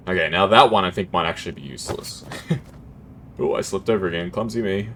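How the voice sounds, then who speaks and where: A man's voice: deep voice, fairly quick, a bit bright, a little hiss or hum. A man casually commentating his gameplay as a streamer, chatty and laughing often, with keyboard typing close to the mic.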